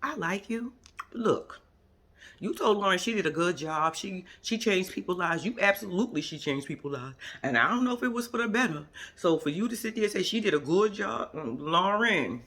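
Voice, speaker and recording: A woman's voice: fairly low pitch, expressive, moderate pace, fairly bright tone. A woman giving a casual, sassy spoken recap of a reality TV episode as a vlogger. She acts out what other people said and drops into whispered asides.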